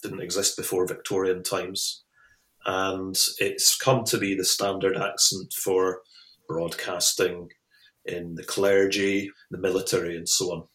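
Man, guest lecturer explaining, very low voice, echoey room. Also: little pitch movement, measured pace, a bit bright. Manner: explanatory, with small restarts. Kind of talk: interview answers. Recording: roomy echo.

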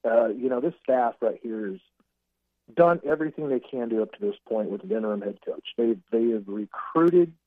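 A man on a phone call, a recruiting analyst chatting casually as a guest and telling rambling, animated stories. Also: medium pitch, normal speed, no room sound. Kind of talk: casual podcast chat by phone. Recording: dry tinny phone line.

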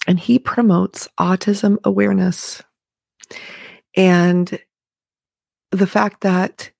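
Gravelly-voiced enthusiastic woman vlogger. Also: medium pitch, little pitch movement, slow, a little mellow, no room sound, clean studio sound. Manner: enthusiastic, emphatic, conversational. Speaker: motivational vlogger. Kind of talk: motivational talk to camera.

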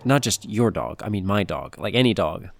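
Gravelly-voiced goofy man hosting a podcast. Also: lowish voice, animated, moderate pace, very noisy. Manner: goofy, punning, chatty asides. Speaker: podcast host. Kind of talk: playful kids' animal-facts podcast.

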